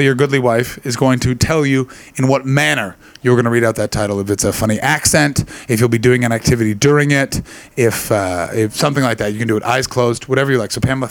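A man's voice: medium pitch, fast talker, dry recording. Brash profane man doing stand-up. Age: late 20s. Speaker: stand-up comedian. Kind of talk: stand-up crowd work.

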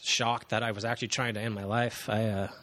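A man in his thirties giving an earnest, halting personal testimony to a congregation, with frequent pauses and fillers. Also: fairly low pitch, level tone, bright, forceful tone. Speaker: church member giving testimony.

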